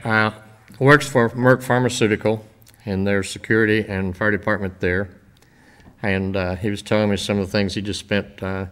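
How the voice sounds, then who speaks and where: An older man speaking informally to a church congregation, telling stories in a folksy, rambling way with many pauses. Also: low-pitched, a bit bright, clear, resonant tone. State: emotional, voice dropping. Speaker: visiting church-building minister.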